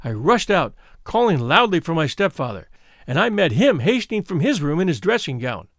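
A man's voice: on the high side, big pitch swings, normal speed, a bit bright, no echo. Man reading frightened young woman, storybook telling, earnest, dry close recording. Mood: fearful. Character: frightened young woman recounting her twin's death. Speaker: audiobook reader.

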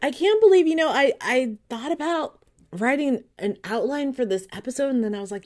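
A woman's voice: high-pitched, expressive, fairly quick, darkish tone. A woman hosting her podcast, rambling and swearing freely in a casual monologue. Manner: profane, rambling, chatty. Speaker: podcast host.

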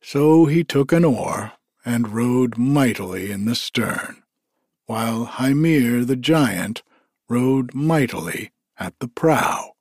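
A man reading a story aloud in a slow, deliberate storytelling manner. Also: mid-range voice, lively intonation, a little mellow, dry recording, studio quality.

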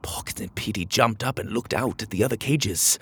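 A man reading a storybook aloud as narrator, in an expressive, animated way. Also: fairly low pitch, moderate pace, husky.

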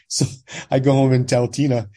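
A Californian man in his sixties, speaking unhurriedly at a medium pitch, tells his own story as a podcast guest. He animatedly quotes the dialogue as he goes and keeps checking in with "right?".

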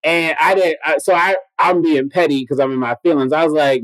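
A man with a noticeably high voice tells a story in a loose podcast chat. He swears freely and jumps into quoted dialogue. The sound is dry and close, with no room echo. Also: fairly quick, few pauses. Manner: animated, profane, acts out quoted dialogue. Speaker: guest telling a story.

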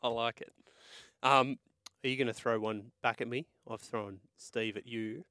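A man co-hosting a sports radio show, dropping quiet, teasing interjections. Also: medium pitch, steady tone, unhurried, dry recording, studio quality. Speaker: radio co-host. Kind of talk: casual sports radio chat.

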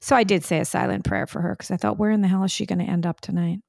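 A woman co-hosting a casual family podcast, telling stories in a chatty, animated way. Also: mid-range voice, very fast, creaky, no echo, studio quality. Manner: chatty storyteller, animated retelling. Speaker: podcast co-host, mother. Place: New York City.

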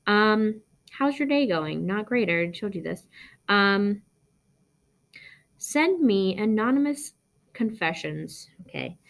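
Here the same Arizona podcast host sounds slow and gravelly, with medium pitch, lively intonation, and long pauses. Answering listener questions in a loose chat, she rambles through ums and likes while staying blunt and profane.

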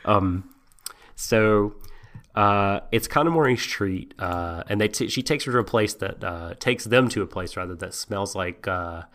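A man's voice: fairly low pitch, unhurried, a bit bright. A man co-hosting a podcast, casually recapping an anime episode with frequent laughs and many ums. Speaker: podcast co-host.

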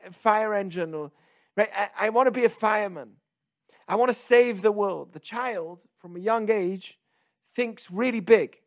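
A man's voice: high-pitched, no echo, clean studio sound. A man hosting a podcast, teaching Jewish ideas in a loose, conversational way, repeating phrases and acting out the inner voice of doubt. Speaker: podcast host teaching Torah. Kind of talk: informal religious teaching.

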